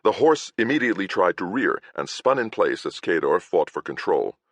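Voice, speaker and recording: A man narrating a first-person audiobook in a wry storytelling voice. His voice sits very low yet moves with lively intonation, close and dry. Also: moderate pace, dry recording.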